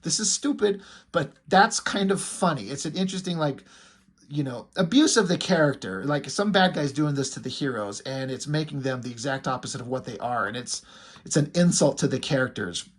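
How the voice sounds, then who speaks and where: A man's voice: mid-range voice, lively intonation, fairly quick. A man giving a casual, rambling comic book review, full of "like" and "you know" and blunt, mocking asides. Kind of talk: casual video commentary.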